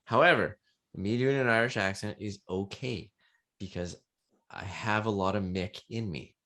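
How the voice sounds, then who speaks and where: A man's voice: lowish voice, moderate pace, fairly bright tone. A man from Canada co-hosting a podcast, talking loosely and laughing often. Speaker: podcast co-host. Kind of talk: casual chat.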